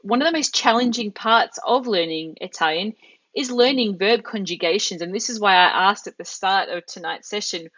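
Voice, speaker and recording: Teaching Italian in a live online session, a woman speaks at normal speed in a mid-range, slightly bright voice. A computer mic muffles her a little, and she explains patiently and methodically, step by step, with examples.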